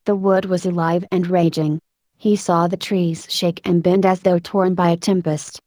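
A woman narrating a story in a steady, measured reading voice. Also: lowish voice, no room sound. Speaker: audiobook narrator.

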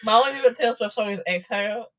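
A woman's voice: mid-range voice, racing, a bit bright. A woman in casual podcast chat, bantering bluntly and giving firm opinions. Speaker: podcast co-host or guest.

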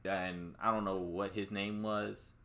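A man's voice: low voice, little pitch movement, a little slow, gravelly, bright, forceful tone. A man casually recapping a movie plot for a co-host, rambling and swearing, with many fillers and restarts. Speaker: podcast co-host.

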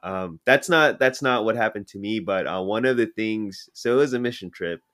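A young man in a casual podcast chat, relaxed and teasing. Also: fairly low pitch, moderate pace, no room sound, studio quality. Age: young adult. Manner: relaxed, short reactions, teasing.

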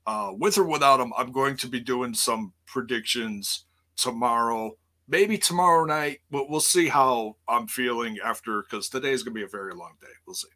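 A man hosting a casual live-streamed wrestling news show, rambling with lots of fillers, quick self-corrections and jokes. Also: medium pitch, pushed and bright.

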